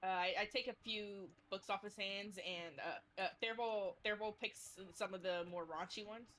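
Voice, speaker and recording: Bright-voiced woman player. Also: medium pitch, steady tone, moderate pace, a little hiss or hum. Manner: playful, laughs at her own rolls. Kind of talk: casual tabletop play.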